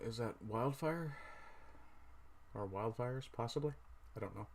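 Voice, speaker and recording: A man's voice: medium pitch, a little slow, creaky, slight background noise. A middle-aged man from Newfoundland with a Newfoundland accent, hosting a casual livestream, rambling and correcting himself as he browses and talks to viewers. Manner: rambling, self-correcting, chatty asides while browsing. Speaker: livestream host.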